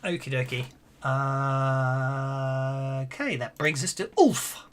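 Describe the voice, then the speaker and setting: A game master narrating an online tabletop session in a middle-pitched voice. The delivery is hesitant and full of restarts, often breaking into chuckles between rulings. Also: slow pace.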